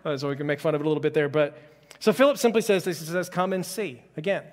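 A man's voice: on the high side, fast, long reverb tail. A man preaching a conversational sermon as pastor, reading scripture and adding joking asides. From Houston, Texas.

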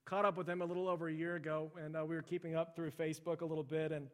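Pastor telling a story in a ringing church. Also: male voice, a little high, flat delivery, very fast, in a large hall. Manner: conversational, relives stories by voicing the people in them. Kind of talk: sermon storytelling.

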